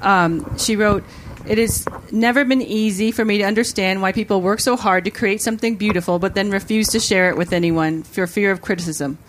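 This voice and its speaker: A woman on a writers' panel, reading a passage and answering questions in a measured, earnest way. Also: medium pitch, slight background noise, rough recording. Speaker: author on a panel. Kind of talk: panel discussion, reading a quote.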